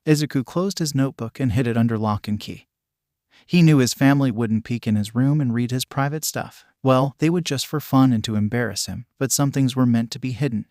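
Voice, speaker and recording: Guy reading fan fiction out loud, mid pitch, dry close mic. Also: fairly quick, no room sound. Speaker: narrator.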